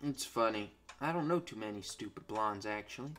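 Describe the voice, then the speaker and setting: A young man commenting on a strategy game in a crude, sarcastic way, swearing constantly and swinging from low mutters to loud outbursts at his units. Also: animated, fairly quick, soft background music. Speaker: gameplay commentator. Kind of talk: crude, ranting gameplay commentary.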